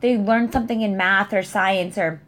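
A woman's voice: mid-range voice, fairly even intonation, normal speed, a bit bright. Chatty woman dance teacher. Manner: chatty, frequent fillers and restarts. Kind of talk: casual chat.

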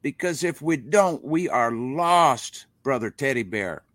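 A man's voice: medium pitch, animated, slow pace, fairly bright tone, dry recording. An older man, a rock musician guest in a casual interview, speaking in a preachy, impassioned way with folksy grammar. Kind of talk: casual interview over a live stream.

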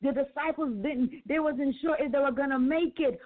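A woman's voice: sits high, steady tone, moderate pace, few pauses. A woman preaching a sermon, building emphatic repeated refrains. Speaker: preacher and author. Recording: phone-line sound with faint music.

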